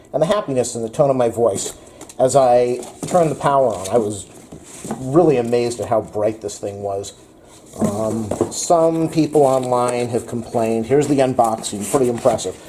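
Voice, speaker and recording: A man's voice: medium pitch, mellow, slight background noise. A man hosting a home improvement how-to video, talking casually with frequent fillers and a rambling manner. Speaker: DIY video host.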